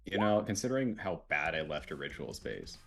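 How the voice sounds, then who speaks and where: Deep-voiced man joking at the game table. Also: big pitch swings, a little fast, vocal fry, breathy edge, soft background music. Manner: joking, banter. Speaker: player. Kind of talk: casual tabletop gaming chat.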